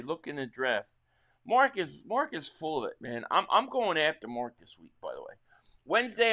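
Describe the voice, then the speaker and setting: High-voiced excitable football streamer, man. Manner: excitable play-by-play calling, reading viewer chat. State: slightly losing his voice. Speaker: live stream host. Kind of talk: live sports reaction stream.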